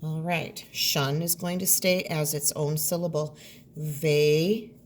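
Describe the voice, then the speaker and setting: A woman teacher giving a recorded lesson, sounding out words slowly and deliberately. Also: deep voice, fairly even intonation, a little hiss or hum.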